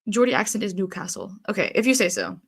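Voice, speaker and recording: A woman live-streaming, chatting loosely and answering her chat as she goes. Her voice is mid-pitched and slightly stuffy from a blocked nose, with frequent fillers and easy laughter. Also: wildly swooping pitch, fast talker, husky. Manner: chatty, reads chat aloud, laughs often, frequent ums and likes.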